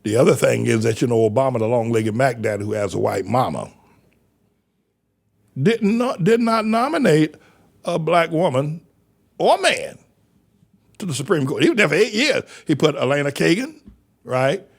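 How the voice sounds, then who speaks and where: A man, a church pastor, giving animated sermon-style commentary with a stammering, repetitive delivery and loud outbursts. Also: on the high side, normal speed, gravelly, pauses often.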